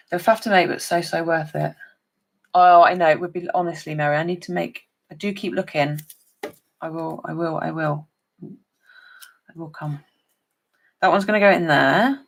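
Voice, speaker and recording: Working on papercraft during a chatty live stream, a woman calls out to viewers by name as she goes. Her voice is creaky and sits on the low side.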